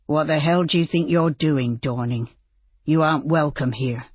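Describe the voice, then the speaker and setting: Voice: mid-range voice, moderate pace, slightly rough, dry recording, natural voice. An audiobook narrator voicing an arrogant landowner who snaps angrily. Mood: hostile. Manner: snapping, angry, through clenched teeth. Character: angry arrogant landowner man. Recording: dull lo-fi dry.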